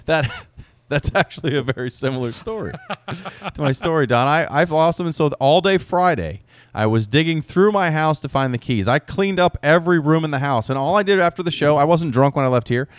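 A man's voice: a little high, animated, fairly quick, no room sound, studio quality. A man in his thirties, co-hosting a podcast and telling anecdotes wryly with frequent laughs. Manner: wry, laughing anecdote-teller. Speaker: podcast co-host. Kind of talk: casual chat.

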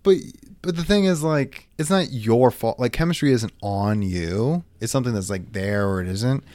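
A man playing a calm, sly spouse. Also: medium pitch, normal speed, no echo, clean studio sound, close to an everyday voice. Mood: reasoning. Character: blunt husband of a stage actor.

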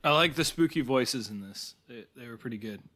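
Bright-voiced man musing about a film. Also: mid-range voice, expressive, a little fast. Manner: thoughtful, hesitant with restarts. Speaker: podcast co-host. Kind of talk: casual film review chat.

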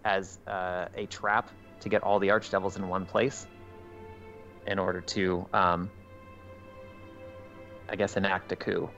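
A man's voice: sits low, level tone, unhurried, long pauses, a bit bright. A man playing a devilish ex-soldier. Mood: earnest. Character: eager devilish soldier, loyal and earnest. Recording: dull muffled sound with faint music.

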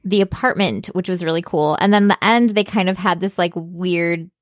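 A woman co-hosting a podcast in relaxed casual chat, full of fillers and laughing at her own stories. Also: on the low side, normal speed, no room sound, clean studio sound. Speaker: podcast co-host.

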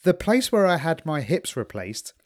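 A man's voice: on the high side, sing-song, normal speed, darkish tone. A man from the UK co-hosting a casual podcast chat, rambling through a story with wry asides. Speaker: podcast co-host.

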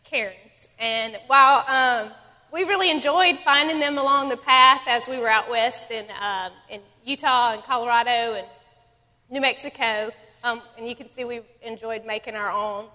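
Woman devotional leader, slightly high voice, conversational with fillers, reverberant hall. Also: moderate pace, pushed and bright. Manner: conversational, many ums, reads scripture aloud. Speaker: Bible study leader. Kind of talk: casual devotional talk with scripture reading.

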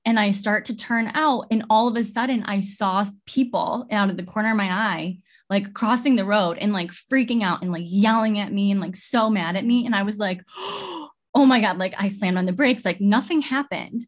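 A woman's voice: mid-range voice, normal speed, few pauses. Young adult woman, conversational guest sharing a story, loose and rambling with frequent restarts. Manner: rambling, filler-heavy storytelling with many restarts. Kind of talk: casual heartfelt conversation.

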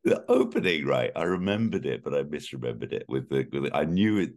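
A man with a very low, croaky voice talks through his notes on a film podcast. He laughs often and reads lines aloud with playful relish, keeping the tone loose and conversational. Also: wildly swooping pitch, brisk, darkish tone. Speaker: podcast co-host. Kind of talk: casual film podcast chat.

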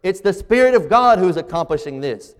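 An earnest male preacher working through scripture, dragging out the words he wants to stress. His voice sits a little high for a man. The recording carries the long, lingering reverb of a large hall. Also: lively intonation. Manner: earnest, slows down to stress key phrases. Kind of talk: expository sermon.

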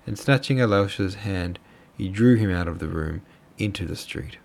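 A man's voice: deep voice, normal speed, vocal fry, hardly any pauses, darkish tone. A tired man casually reading a book aloud, stumbling over names now and then. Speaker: audiobook reader.

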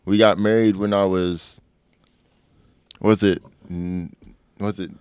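Young male guest, low smooth voice, laid-back and hesitant. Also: no echo, studio quality. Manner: relaxed, hesitant, fills pauses with "like" and "uh". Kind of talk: casual chat.

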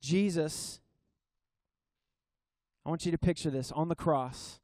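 A man's voice: fairly high pitch, dark tone, dry recording. Earnest man preaching a sermon. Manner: earnest, emphatic, with halting restarts and slowed key phrases. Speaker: pastor. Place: church service.

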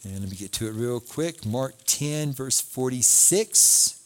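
A man's voice: mid-range voice, measured pace, slight background noise. A man preaching a sermon as a pastor, reading scripture aloud and asking his listeners questions. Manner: animated preaching, reads scripture aloud, asks the congregation questions.

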